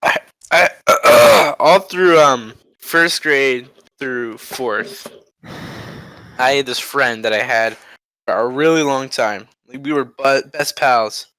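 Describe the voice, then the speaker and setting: Teen boy, bright and clear voice, dry close sound, rambling casual story. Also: mid-range voice, takes it slowly, dry recording, low-quality recording. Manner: rambling, laughs often, acts out quoted voices. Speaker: podcast co-host.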